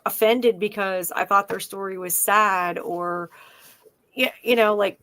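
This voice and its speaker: A woman co-host in a casual podcast chat, chiming in supportively and often agreeing. Her voice is mid-pitched, and the recording is dry with no room sound. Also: steady tone, unhurried, pushed and bright, dry recording. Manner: supportive, frequent agreeing backchannels.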